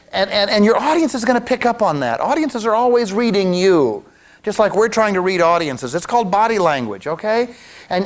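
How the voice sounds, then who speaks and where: A man who works as a mentalist, teaching a card routine in a chatty way, with joking asides and frequent restarts. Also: sits high. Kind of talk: demonstration lecture.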